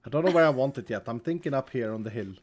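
A man's voice: mid-range voice, lively intonation, racing, a little mellow. A man from Sweden with a Swedish accent, chatting casually and laughing often while he plays a game over voice chat. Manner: laughs often, playful and teasing. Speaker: streamer and host.

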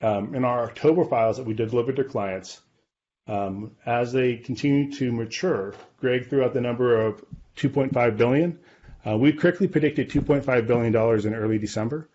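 A man talks through numbers in a confident, businesslike way, leaning on quick "right?" and "okay" check-ins. His voice sits at an everyday middle pitch. The sound is a little dull and lo-fi. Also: dark tone. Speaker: guest, real estate data company leader. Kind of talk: podcast interview, explaining.

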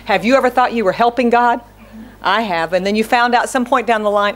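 A woman's voice: a little high, a little fast. A woman pastor preaching an earnest, conversational sermon, often asking the congregation questions.

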